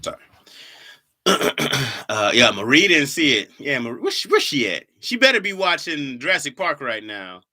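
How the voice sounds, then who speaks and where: A man's voice: a little high, big pitch swings, moderate pace, pushed and bright. A man who does comedy, chatting casually on a live stream, reading comments aloud and laughing often.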